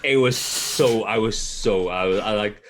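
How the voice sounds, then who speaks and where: A man's voice: fairly low pitch, measured pace, slight background noise. A man co-hosting a casual gaming podcast, telling stories with lots of swearing and acting out what people said. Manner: profane storytelling, swears often; acts out quotes in raised voices. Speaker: podcast co-host. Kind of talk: casual chat.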